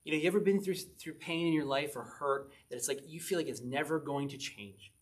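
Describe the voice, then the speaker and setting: A man's voice: fairly high pitch, a little fast, breathy edge. A man preaching a conversational sermon, reading scripture aloud with emphasis and asking his listeners questions. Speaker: pastor.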